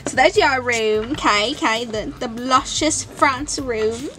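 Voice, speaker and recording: A woman's voice: a little high, measured pace, over music, natural voice. A woman voicing a vain, bossy mother pony in a toy fan drama, talking in a pushy, dismissive way. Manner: pushy, dismissive, self-satisfied.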